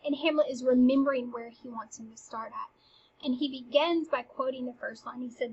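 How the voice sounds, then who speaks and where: A woman's voice: high voice, fairly even intonation, normal speed, slightly rough, lo-fi sound. A woman teaching, casually walking through a play scene by scene in a chatty, eager way. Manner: chatty and eager, retells lines with "he's like".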